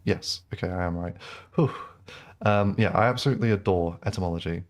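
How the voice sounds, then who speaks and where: A man with a low-pitched voice talks a little fast while streaming a game, giving casual commentary and rambling with lots of ums and likes.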